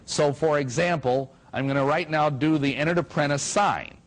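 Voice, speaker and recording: A man's voice: fairly high pitch, moderate pace, poor audio. A middle-aged man giving a talk to an audience, telling stories and acting out quotes with jokes along the way. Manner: animated, jokey, acts out quotes. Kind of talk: lecture to an audience, storytelling.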